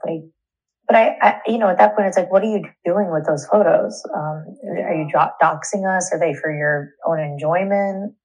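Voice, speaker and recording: A young woman giving a candid, indignant personal account in an interview, halting and restarting as she speaks. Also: on the low side, darkish tone, slightly rough, poor audio.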